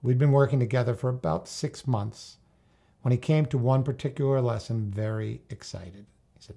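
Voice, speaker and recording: A male tennis coach narrating a story in a calm, measured, unhurried manner. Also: medium pitch, creaky.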